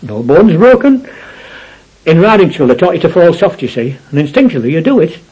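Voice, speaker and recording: A man's voice: fairly high pitch, very animated, a little fast, warm tone, breathy edge, low-quality recording. An older man recounting his war memories in a rambling storytelling way, often adding "you see". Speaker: war veteran interviewee.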